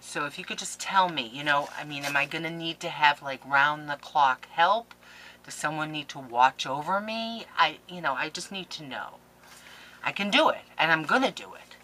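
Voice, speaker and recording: A scrapbooking vlogger opens a package on camera, gushing and playfully melodramatic as she chats casually. Her voice sits low at a normal pace, pushed and bright, and the recording is rough.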